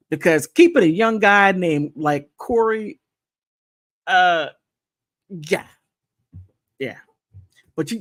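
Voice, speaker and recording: A woman hosting a casual livestream, chatting playfully and thanking viewers, with high laughs and quiet, sincere asides. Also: no echo, clean studio sound. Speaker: content creator hosting a livestream. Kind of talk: casual livestream chat reacting to gossip and viewer comments.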